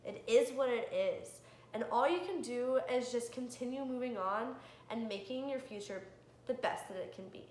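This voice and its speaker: Young woman, candid vlogger, slightly high voice, echoey room, faint hiss. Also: normal speed. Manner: candid and earnest, with soft laughs and ums. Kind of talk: personal vlog, answering questions to camera.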